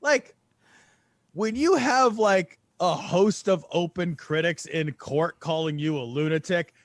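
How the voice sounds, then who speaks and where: A man's voice: fairly high pitch, slow pace, dry recording, studio quality. A man co-hosting a casual podcast chat, sarcastic and profane, with lots of "like". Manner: sarcastic, profane, many "like" fillers. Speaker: podcast co-host.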